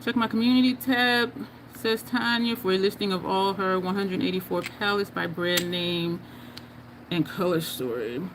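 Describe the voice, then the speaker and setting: A woman's voice: mid-range voice, normal speed, noisy background. A woman hosting a casual makeup livestream, chatting, laughing often and reading viewer comments aloud. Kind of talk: casual livestream chat while doing makeup.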